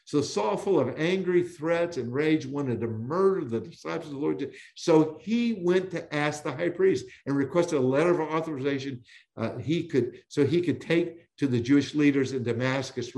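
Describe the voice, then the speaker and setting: A man's voice: a little high, a little mellow. Emphatic man teaching scripture. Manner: emphatic preaching cadence with many restarts. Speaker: guest Bible teacher. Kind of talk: podcast Bible teaching.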